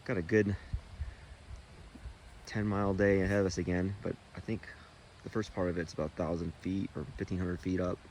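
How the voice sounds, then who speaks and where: A man talking casually to the camera while backpacking outdoors, rambling and relaxed. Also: sits low, brisk, a little hiss or hum. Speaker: vlogger on a backpacking trip. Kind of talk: casual trail vlog. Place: outdoors in the mountains.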